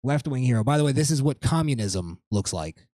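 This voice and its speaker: A man's voice: mid-range voice, brisk. A man hosting a podcast in casual chat, ranting with lots of swearing. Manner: animated, profane ranting. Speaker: podcast host.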